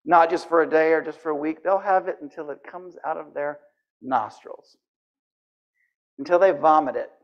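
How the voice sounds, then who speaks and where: A man playing God as a calm, firm voice that rebukes doubt, inside a sermon. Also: fairly high pitch, normal speed, dull audio, close to an everyday voice.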